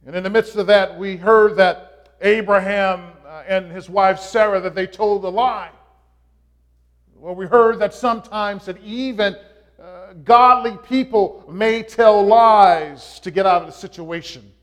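A man preaching a sermon, opening with a joke, in a slow and halting delivery with frequent pauses and fillers. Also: high voice. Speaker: pastor.

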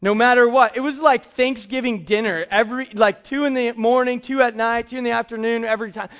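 Animated high-voiced man preaching. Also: muffled recording. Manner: storytelling, animated, slows for emphasis. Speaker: pastor. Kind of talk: sermon.

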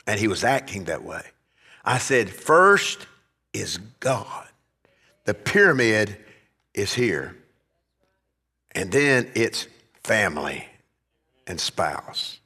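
A man's voice: lowish voice, big pitch swings, takes it slowly, long pauses, pushed and bright, breathy edge, in a large hall. A man preaching a sermon as pastor, swelling to emphatic peaks as he drives his points home. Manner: preaching, rising and emphatic at climaxes.

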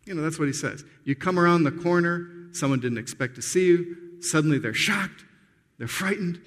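A man's voice: a little high, normal speed, a bit bright. A man preaching a sermon in a conversational, earnest way, often restarting his sentences as he explains a passage. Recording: long hall reverb.

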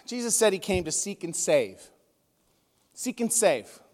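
A pastor preaching a conversational sermon, telling stories with emotion. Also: male voice, sits high, big pitch swings, measured pace, darkish tone. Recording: long reverb of a large hall.

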